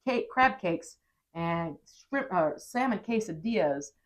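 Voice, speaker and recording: A woman who is a TV meteorologist, co-hosting a vlog and telling a story in a casual, animated way, acting out quoted lines. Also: lowish voice, slow, low-quality recording.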